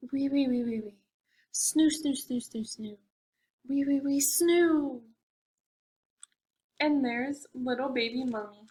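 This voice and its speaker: Slow, bright storytime librarian woman. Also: fairly high pitch, rough recording. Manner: animated, asks children questions. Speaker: children's librarian. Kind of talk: preschool storytime read-aloud.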